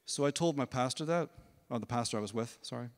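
A man giving a testimony at a church service, telling his story in a lively way and acting out other people's voices. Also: medium pitch, quick pace, long reverb tail. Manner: storytelling, animated, acts out voices. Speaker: worship leader. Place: church hall.

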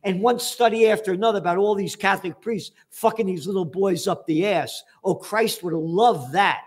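A man's voice: high voice, lively intonation, normal speed, few pauses. A man hosting a show, reading news headlines aloud and answering them with profane, sarcastic rants. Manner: profane, sarcastic, shouting mockery; reads headlines then mocks them. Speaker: trends forecaster and show host. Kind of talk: ranting commentary on news headlines.

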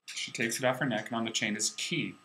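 Bright-voiced young man telling jokes. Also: mid-range voice, quick pace, a little hiss or hum, rough recording. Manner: animated storyteller, voices the characters. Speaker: comedy show host telling jokes. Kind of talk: joke telling. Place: small room, webcam. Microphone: built-in laptop camera mic.

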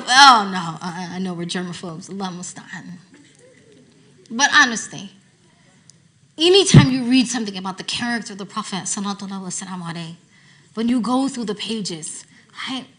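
An American woman teacher giving a sermon to a women's gathering, telling stories with lively swings from hushed to loud. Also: medium pitch, moderate pace. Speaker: Islamic teacher.

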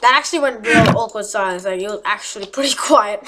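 A woman giving chatty, rambling gameplay commentary with excitable outbursts, recorded at home with mouse clicks heard. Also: mid-range voice, quick pace, noisy background. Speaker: gaming YouTuber.

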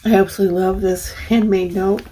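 A woman's voice: mid-range voice, level tone, a little fast, dark tone, slight background noise, rough recording. A woman hosting a crafting channel, casually showing a handmade journal and gushing over it with many fillers. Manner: gushing, admiring, full of fillers. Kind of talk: casual unboxing look-through.

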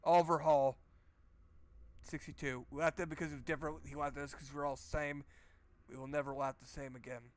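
Casual: snarky guy cursing through a horror game playthrough, voice a bit high. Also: flat delivery, a little fast. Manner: sarcastic, profane. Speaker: game streamer. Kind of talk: let's play commentary.

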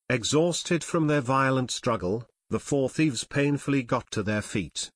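A man narrating an audiobook in a steady storytelling manner, recorded close on a studio mic. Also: medium pitch, a little slow, dry recording. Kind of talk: scripted narration.

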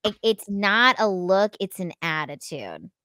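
A woman's voice: mid-range voice, animated, unhurried, pushed and bright, no room sound, clean studio sound. A woman co-hosting a podcast, talking in a blunt and opinionated way in casual chat. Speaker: podcast co-host.

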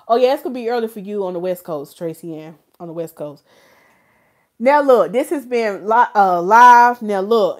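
A woman talks casually to her livestream viewers, playful and joking. She hosts as a hairstylist and chats easily, teasing her audience. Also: mid-range voice. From North Carolina, USA.

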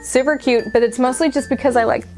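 A woman chatting casually through an unboxing, gushing and excitable, with frequent gasps and squeals of delight. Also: high-pitched, fast, faint music behind. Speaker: unboxing vlogger.

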